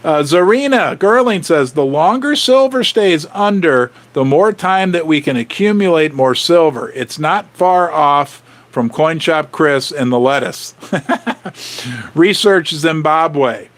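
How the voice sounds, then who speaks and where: A middle-aged man hosting a casual livestream, excitably rattling off viewer names and shout-outs, his voice going hoarse. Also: fairly high pitch, slow pace. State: losing his voice. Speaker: livestream host.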